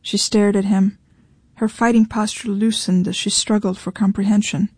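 A woman reading a novel aloud in measured storytelling narration. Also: medium pitch, level tone, darkish tone, slightly rough, no echo. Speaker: audiobook narrator. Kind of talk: scripted narration.

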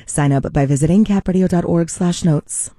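A woman station announcer reading scripted promos in a smooth, friendly way. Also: lowish voice, moderate pace, dark tone, no echo, studio quality.

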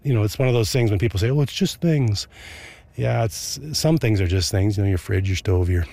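A man talking outdoors in an interview, reflective and halting. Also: fairly low pitch, steady tone, gravelly, dark tone. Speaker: interviewee, fire victim. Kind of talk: casual interview talk. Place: outdoors among rubble.

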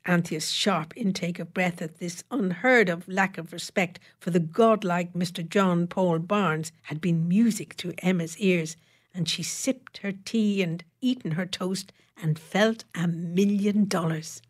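A woman reads an audiobook with a lowish, steady voice. Her storytelling is measured and wry, leaning into the dry humour. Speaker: narrator. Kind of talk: audiobook narration.

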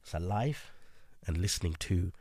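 A man presenting a late-night radio music show in a chatty, easygoing way, with filler pauses. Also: low voice, expressive, a little mellow, no room sound, clean studio sound.

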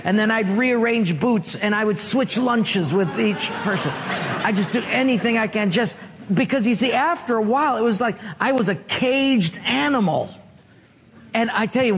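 A man's voice: high-pitched, slight background noise. A male pastor preaching a sermon, asking rhetorical questions and drawing call-and-response from the congregation. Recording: long reverb of a large hall.

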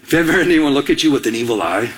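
A man's voice: medium pitch, racing, crowd noise. A man preaching a sermon, telling a personal story and acting out the dialogue in it. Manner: animated storyteller, acts out quoted dialogue. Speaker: pastor.

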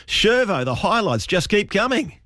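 A man hosting a live sports radio show, brisk and chatty. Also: high-pitched, sing-song, sharp tone, dry recording, studio quality.

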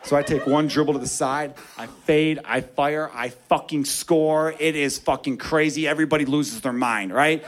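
A man doing stand-up comedy, telling a story with loud, animated delivery and shouted character voices. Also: on the high side, moderate pace, few pauses.

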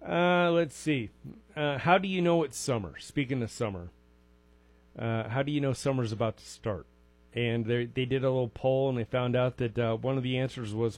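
A man's voice: mid-range voice, normal speed. A man hosting a local call-in radio show, chatting casually and reading out event listings with wry asides.

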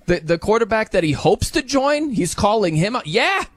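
Male sports talk host, high and lively, excited and sarcastic, dry close mic. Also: no echo. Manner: excited, sarcastic, quick asides.

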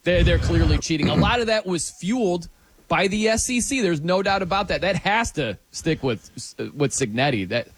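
A man's voice: high-pitched, expressive, moderate pace, fairly bright tone, no echo. A man hosting a sports talk radio show, bantering energetically with his co-hosts.

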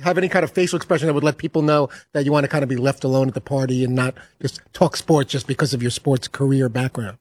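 A man's voice: mid-range voice, fairly even intonation, quick pace, few pauses, a little mellow, no room sound. A man on a talk show asking long, wordy questions.

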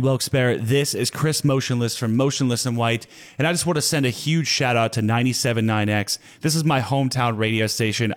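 A man records a short, friendly shout-out for a radio station in an everyday, grateful tone. His voice is mid-pitched and relaxed. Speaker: musician giving a shout-out.

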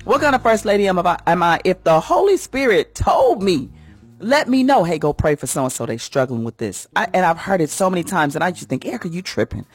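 A fervent woman giving a sermon-style message on morning radio. Her voice swings widely, dropping low and then leaping high for emphasis. She speaks with a folksy, heartfelt conviction. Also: sing-song, fairly quick, husky, soft background music. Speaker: radio host and church first lady.

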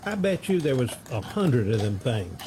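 A man's voice: medium pitch, very animated, normal speed, a little mellow, a little hiss or hum. A man telling rambling, folksy stories in casual chat.

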